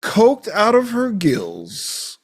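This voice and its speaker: A man co-hosting a podcast recaps a film in casual, profane chat, acting out the characters' lines with big jumps in his voice. He has a high, slightly rough voice whose pitch swoops wildly, and he draws out his words.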